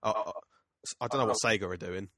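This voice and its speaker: A young man cohosting a casual podcast chat, rambling and halting, with casual swearing. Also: fairly low pitch, a bit bright. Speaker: podcast co-host.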